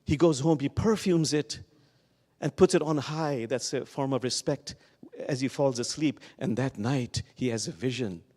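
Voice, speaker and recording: A man giving a sermon full of stories, lingering slowly on the words he wants to stress. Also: mid-range voice, darkish tone. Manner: slow, lingering emphasis on key words. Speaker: guest speaker at a Sunday service. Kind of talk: sermon with storytelling. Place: church sanctuary. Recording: long reverb of a large hall.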